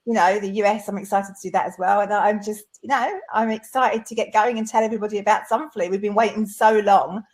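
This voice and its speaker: A woman's voice: mid-range voice, steady tone, fast talker, few pauses, a little mellow. A woman co-hosting a live product launch webinar, friendly and eager. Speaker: co-host.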